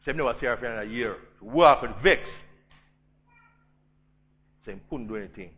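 A man with a Jamaican accent preaching a storytelling sermon, swinging between loud emphasis and hushed intensity. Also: medium pitch, animated, brisk, slightly rough, highs cut off.

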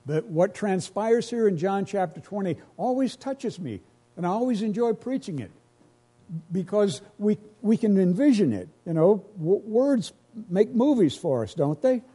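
Husky-voiced man preaching a sermon. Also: sits high, big pitch swings, moderate pace, warm tone. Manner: earnest, emotional preaching with repeated phrases. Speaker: pastor.

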